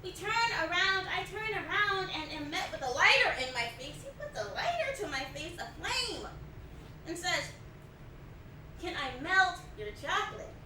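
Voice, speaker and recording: High-voiced woman in a stage monologue. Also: very animated, moderate pace, sharp tone, far from the mic, a little hiss or hum. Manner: intense poetic spoken word. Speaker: solo performer. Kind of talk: solo theatre monologue. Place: theatre stage. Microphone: distant room mic. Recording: echoey live stage recording from afar.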